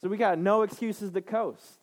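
A man's voice: sits high, steady tone, normal speed. A man in his thirties preaching a sermon to a congregation, emphatic, repeating phrases and checking in with "right?". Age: 30s. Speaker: pastor.

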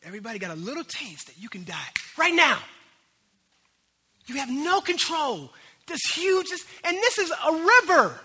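A man preaching a sermon as a pastor, telling a story in an animated way that swings between loud bursts and hushed moments. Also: very high voice, normal speed. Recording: hall reverb.

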